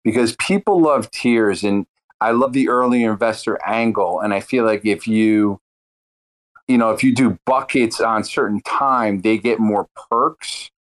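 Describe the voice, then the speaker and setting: A man's voice: fairly low pitch, unhurried, rough recording. A man in a live audio room offering mock-earnest business suggestions in a playful, teasing way. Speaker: audience participant.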